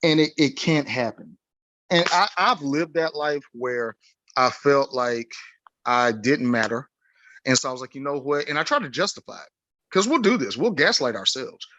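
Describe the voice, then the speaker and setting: A man who works as a life coach, speaking on a casual podcast in an emphatic, preachy way, acting out imagined inner voices with big swings in pitch. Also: lively intonation, moderate pace, sharp tone, no echo, muffled recording.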